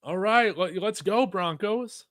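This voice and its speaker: Man, live fan play-by-play, bright forceful voice, unhurried pace, dry close mic. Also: sits high, no room sound. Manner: excitable, shouts on big plays, reads chat aloud. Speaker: fan watch-along commentator. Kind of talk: live play-by-play reaction stream.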